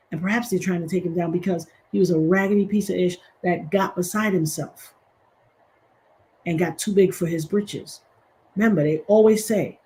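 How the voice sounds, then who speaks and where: A woman hosts a livestream in a punchy, preachy manner. She drops sassy asides as she makes her points. Her pitch sits in the middle range for a woman. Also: mellow, poor audio. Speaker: commentary host. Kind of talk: animated livestream commentary.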